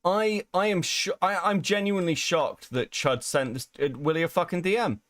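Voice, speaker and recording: A man's voice: sits high, normal speed, a bit bright, dry recording, clean studio sound. A man hosting a podcast, ranting in a sweary, incredulous way about online drama. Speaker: podcast host. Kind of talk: casual drama commentary.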